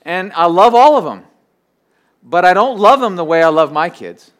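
A pastor preaching a sermon, swinging between loud emphasis and quiet, low asides. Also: male voice, animated, normal speed.

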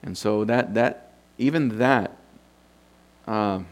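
A man with a fairly low, slow voice preaches an unscripted sermon, teaching doctrine from scripture. He thinks aloud as he goes and puts rhetorical questions to his listeners.

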